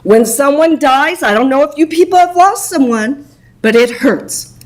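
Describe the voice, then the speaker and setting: A woman's voice: high voice, animated, normal speed, poor audio. A woman speaking emotionally and indignantly during public comment at a city council meeting.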